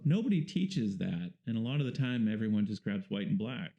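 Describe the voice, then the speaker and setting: A man, a painter and the guest, talking casually in an interview and explaining things in a relaxed, rambling way with fillers. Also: fairly low pitch, a little fast, gravelly, lo-fi sound.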